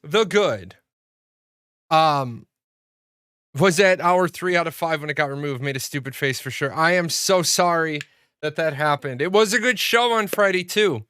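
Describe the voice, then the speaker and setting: A man chats casually on a livestream, rambling through stories, swearing freely and often restarting his sentences. His fairly high voice is pushed and bright, clear and resonant, at normal speed. The sound is studio quality with no room noise.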